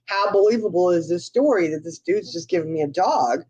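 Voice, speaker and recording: A woman's voice: on the low side, expressive, brisk, a crowd in the background. Woman, chatty storyteller, lots of laughs, dull lo-fi sound. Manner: chatty, laughs often, lots of "you know". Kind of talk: casual chat, storytelling.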